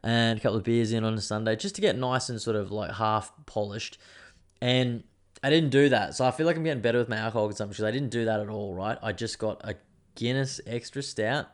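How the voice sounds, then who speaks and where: Man, young adult, podcast host, casual rambling talk, swears a lot, slightly low voice. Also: brisk. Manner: rambling, sweary and laid-back. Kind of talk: casual chat.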